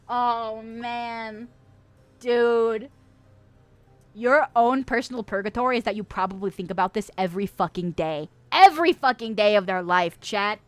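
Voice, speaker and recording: Animated young woman preaching mock damnation. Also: a little high, unhurried, no room sound. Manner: animated, swearing, bursts of laughter and loud exclamations. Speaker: streamer hosting a mock confession segment. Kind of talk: playful mock-sermon, reading chat aloud.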